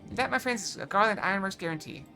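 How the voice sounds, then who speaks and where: A woman reading a boastful gruff engineer. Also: medium pitch, lively intonation, racing, bright, forceful tone, faint music behind.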